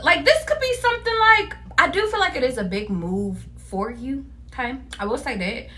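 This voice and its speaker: Bright, lively woman doing a tarot reading. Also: extremely high pitch, moderate pace. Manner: animated, laughs often, curses casually. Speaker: tarot reader. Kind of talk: casual tarot reading to viewers.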